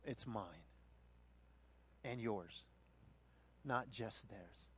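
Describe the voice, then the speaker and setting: A man preaching a sermon, moving between hushed reflection and loud, dramatic retelling of the scene. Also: lowish voice, very slow, a little hiss or hum. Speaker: pastor.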